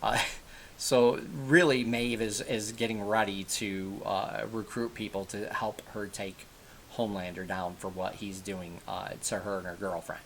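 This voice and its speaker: A man's voice: on the low side, level tone, a little slow, fairly bright tone, slight background noise. A man giving a casual, rambling spoken recap of a TV episode, often backtracking to correct himself. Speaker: TV episode reviewer.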